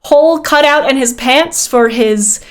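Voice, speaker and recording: A woman's voice: sits high, measured pace. A woman narrating a tabletop game as game master in a casual, filler-heavy way.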